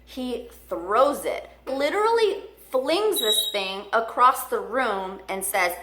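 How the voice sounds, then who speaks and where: A woman's voice: mid-range voice, big pitch swings, slow pace, hardly any pauses, pushed and bright. A woman from the United States telling a casual family story in a chatty way, full of "like". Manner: chatty, filler-heavy with frequent "like". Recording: roomy echo.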